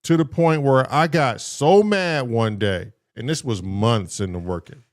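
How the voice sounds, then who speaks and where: A man's voice: medium pitch, unhurried. A man co-hosting a podcast, telling a childhood story in casual chat, laughing and acting out the voices in it. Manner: animated, laughing, acts out voices in his story. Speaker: podcast co-host.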